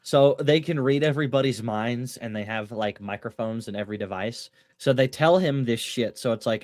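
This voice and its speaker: A man's voice: mid-range voice, fairly quick, few pauses, darkish tone, dry recording. A man co-hosting a casual podcast, joking crudely. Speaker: podcast co-host.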